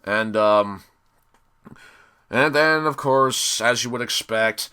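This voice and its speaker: A young man giving a casual spoken episode review, sarcastic and exasperated, often pausing and restarting. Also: mid-range voice, pushed and bright, clear, resonant tone. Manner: hesitant, many fillers and restarts.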